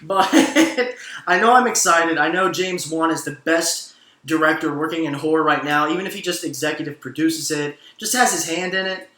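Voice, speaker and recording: Excitable male host, bright forceful voice, echoey room, laughs often, casual and profane. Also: on the high side, normal speed. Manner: excitable, laughing, profane, addresses "ladies and gentlemen". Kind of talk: casual entertainment news commentary.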